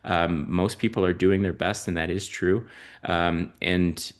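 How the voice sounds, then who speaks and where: Low-voiced man, slow and halting. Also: steady tone. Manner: halting, with many ums and uhs, slow and thoughtful. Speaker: podcast guest, parent and physician-researcher. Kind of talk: reflective conversational storytelling.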